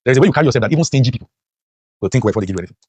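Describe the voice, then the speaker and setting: A motivational teacher races through a preachy lecture to a class, piling up rhetorical questions and jumping sharply up in pitch on the points he stresses. His medium-pitched voice has lively intonation, a darkish tone and slight roughness, in a dry recording.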